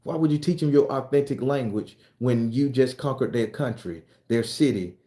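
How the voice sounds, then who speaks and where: An American commentator delivers a casual monologue, ranting bluntly and profanely and working himself up as he goes. His voice is mellow, medium in pitch, and moderately paced.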